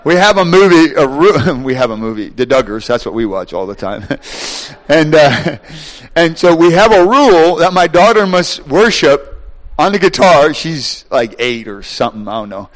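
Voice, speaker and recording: A middle-aged man preaching a sermon, animated, shouting at times, acting out voices and laughing. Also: on the high side, moderate pace.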